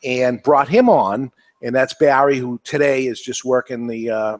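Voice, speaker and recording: A man's voice: mid-range voice, unhurried. A man with a New England accent, hosting a cigar podcast in casual panel chat, rambling and emphatic, repeating himself.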